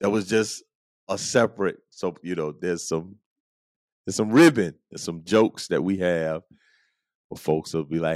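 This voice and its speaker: A man hosting a casual talk show, telling stories in an animated way and acting out his friends' lines with quick laughs. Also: sits low, dry recording. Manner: animated, acts out quoted friends, chuckles often. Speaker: podcast host. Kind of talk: casual storytelling monologue.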